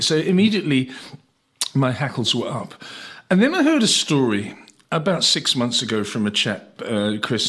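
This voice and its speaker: A man from England hosts a conversational interview and spins out a chatty anecdote with fillers and asides. His pitch is mid-range and ordinary. He talks like a broadcaster at ease. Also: a bit bright. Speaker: host, broadcaster.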